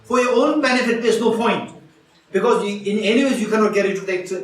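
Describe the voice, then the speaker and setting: High-voiced man teaching in a roomy hall. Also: quick pace. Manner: engages audience with questions, repeats phrases. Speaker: Buddhist teacher. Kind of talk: interactive dharma teaching. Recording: roomy hall sound from far off.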